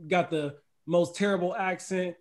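High-voiced man hosting a lively chat. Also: normal speed, over a noisy crowd. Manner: laughs often, reads chat aloud. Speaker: host. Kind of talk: casual livestream chat.

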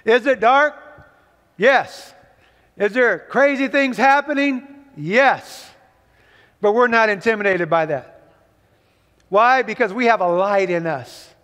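Guy pastor preaching to his church, pushy and fired up, voice way up high, big reverb tail. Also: slow pace, long pauses, a bit bright. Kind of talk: sermon. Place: church sanctuary with congregation. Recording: long reverb of a large hall.

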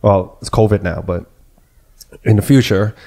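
A man hosting a casual podcast chat, telling a story in an animated way and acting out the people he quotes. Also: on the low side, normal speed. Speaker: podcast host.

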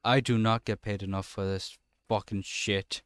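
Young man, sarcastic let's-play commentary, smooth clear voice, dry close sound. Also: on the low side, fairly even intonation, normal speed, no room sound. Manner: sarcastic, swears casually, chats to game characters. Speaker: gamer playing a horror game.

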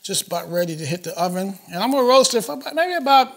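A man's voice: high-pitched, lively intonation, racing, vocal fry. A man hosting a cooking demonstration, chatty and enthusiastic, talking straight to the viewers as he cooks. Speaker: chef hosting a cooking show.

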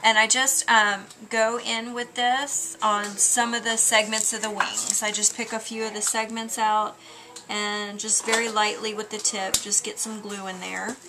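A woman chatting her way through a craft tutorial at home, relaxed, with lots of ums. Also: mid-range voice, measured pace, noisy background. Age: adult with a child.

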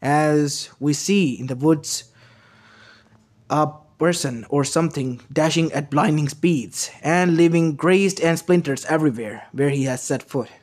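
Halting male fan-story narrator. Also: a little high. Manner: unpolished, halting, restarts often. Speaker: channel narrator. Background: faint lo-fi music.

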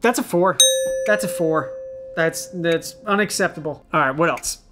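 A man's voice: a little high, normal speed. A man in his thirties, a former child actor, reviewing his old outfits in a playful, self-mocking casual vlog.

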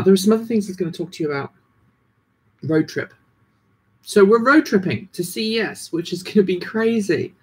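A livestream host in their thirties chats casually, rambling with lots of ums and restarts, their British accent drifting toward American. The voice is medium-pitched, fairly bright, and husky, with vocal fry.

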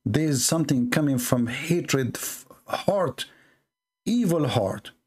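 A religious commentary host reacts live to video clips, indignant and emphatic, repeating words for stress. His mid-range voice is expressive, a little mellow, with a breathy edge, and he takes his time.

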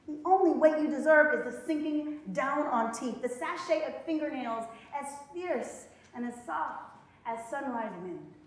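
A woman's voice: high-pitched, fairly bright tone. A woman poet performing spoken word in a college hall, with rhythmic, dramatic delivery and playful laughing asides to the audience. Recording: very echoey hall.

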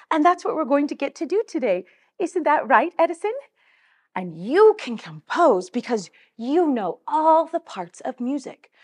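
A woman teaching a children's music lesson, upbeat and coaxing, leading call-and-response. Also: on the high side. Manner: upbeat, coaxing, slow and clearly articulated.

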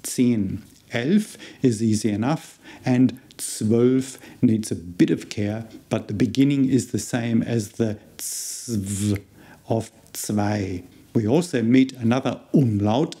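A university lecturer with an Australian accent and a warm, mid-range voice leads a beginner language lesson. He patiently walks through each sound step by step, repeating words slowly.

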